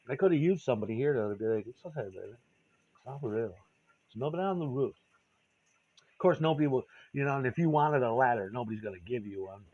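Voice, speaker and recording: Man, profane confessional ramble, mid-pitched voice, dull lo-fi sound. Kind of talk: candid personal monologue.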